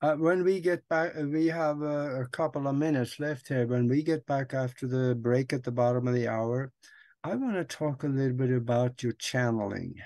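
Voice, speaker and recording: Male interview host, mid pitch, dry close sound, addresses viewers directly. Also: normal speed, darkish tone, no echo. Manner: speaks straight to the audience as "folks". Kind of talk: interview talk show hosting.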